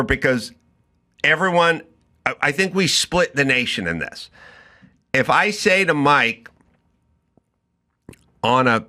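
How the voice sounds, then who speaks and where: Animated, bright-voiced man ranting. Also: medium pitch, slow pace, long pauses. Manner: animated storytelling, acting out both sides of a dialogue. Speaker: podcast host. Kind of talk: comedic rant on a talk show.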